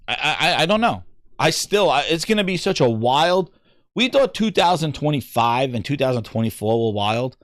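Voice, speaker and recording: A man in casual, ranting podcast chat, animated and exasperated, stumbling over restarts as he piles on complaints. His voice sits a bit high for a man. The sound is dry and close, with no room in it. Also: moderate pace, dry recording. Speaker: gaming podcast host.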